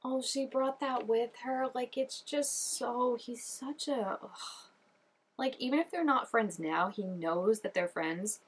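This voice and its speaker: A woman's voice: measured pace, husky. Chatty, gushing woman reacting to a show. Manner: gushing and chatty, full of "like" and "oh my gosh"; excitable, with sudden jumps up in pitch. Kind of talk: casual reaction commentary.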